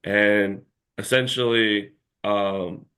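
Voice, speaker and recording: Low-voiced man rambling through a story. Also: steady tone, extremely slow, sharp tone, smooth. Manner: rambling storyteller with many filler words. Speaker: interview guest. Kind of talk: casual interview chat.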